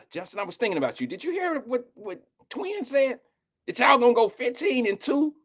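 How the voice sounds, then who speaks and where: A man's voice: extremely high pitch, very animated, moderate pace. A middle-aged man hosting a live show, telling a rambling, slangy and emotional story in casual talk.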